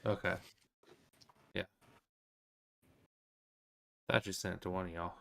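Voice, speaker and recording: Male podcast co-host, gravelly, relaxed drawl. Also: low-pitched, takes it slowly. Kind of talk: casual pre-show chat.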